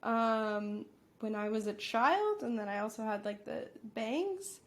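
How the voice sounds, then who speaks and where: A young adult woman with a Canadian accent, a guest actor in a casual chat, friendly and quick to laugh. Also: on the high side, lively intonation.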